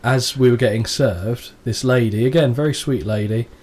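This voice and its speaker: English man telling animated stories. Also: mid-range voice, moderate pace, slight background noise. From England. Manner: animated storyteller, does voices in quotes. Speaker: podcast co-host. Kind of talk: casual chat.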